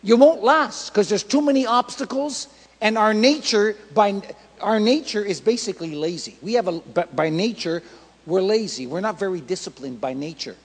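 A male pastor preaching a sermon in an emphatic, repetitive way that builds to shouts. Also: high-pitched, animated, moderate pace, breathy edge, long reverb tail, low-quality recording.

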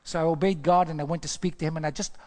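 A male pastor telling his life story in a sermon, chatty and animated, asking the crowd questions and often restarting his sentences. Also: on the high side, very fast. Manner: storytelling, animated, asks the audience questions, repeats himself. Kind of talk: testimony sermon.

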